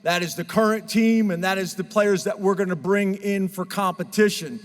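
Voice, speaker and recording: A man's voice: sits high, steady tone, moderate pace. A man speaking as a head football coach at a press conference, talking in an earnest and emotional way. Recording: reverberant hall sound.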